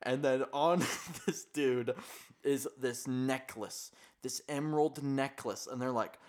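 A man's voice: mid-range voice, slow. A young man casually retelling a horror story on a podcast, swearing freely and laughing as he goes. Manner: profane, laughing, slangy storytelling. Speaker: podcast co-host. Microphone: podcast microphone, gain problems.

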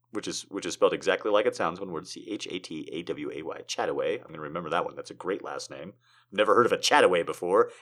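Lively, wry man joking between readings. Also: low-pitched. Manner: wry, chatty, self-deprecating. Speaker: reader of historical letters. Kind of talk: casual read-aloud with joking asides.

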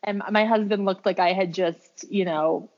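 This woman speaks at a normal speed in a steady, mid-range voice with a slightly dark tone. Appearing as a guest on a podcast, the birth worker shares the story of her own birth in a loose, conversational way, leaning heavily on "like" and "um," captured on a dull lo-fi recording.

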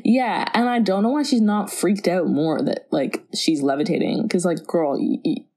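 A woman co-hosting a casual podcast, adding wry, joking commentary while discussing a movie. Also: normal speed. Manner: wry, joking commentary with expressive pitch swings. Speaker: podcast co-host. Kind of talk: casual movie recap chat.

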